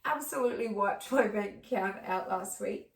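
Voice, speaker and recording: A middle-aged woman talks to camera in a casual personal vlog. She rambles warmly, with plenty of fillers and restarts. Her voice is mid-pitched and comes from a distance in an echoey room. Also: normal speed. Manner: rambling and heartfelt, many fillers. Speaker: vlogger.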